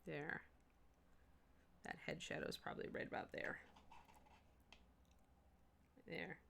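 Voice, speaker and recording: A woman's low, creaky, slightly bright voice comes through with a flat, slow delivery and a little hiss or hum. She's a Midwesterner hosting a miniature painting livestream, chatting and answering chat as she works, often restarting her sentences.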